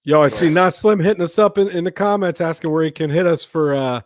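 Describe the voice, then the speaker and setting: A man co-hosting a live stream show, chatting and tossing in quick jokes. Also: a little high, no room sound, clean studio sound. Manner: quick jokey interjections. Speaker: podcast co-host. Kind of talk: casual live-stream chat.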